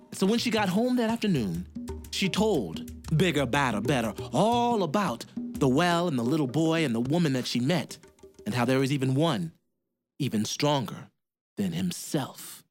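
A man telling a folk tale, in a lively, rhythmic way with sound effects. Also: mid-range voice, moderate pace, over music. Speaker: storyteller.

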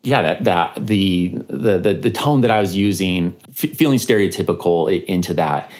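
A man's voice: sits low, moderate pace, darkish tone. A man, a historian and podcaster, telling a story in an interview, with many fillers and restarts.

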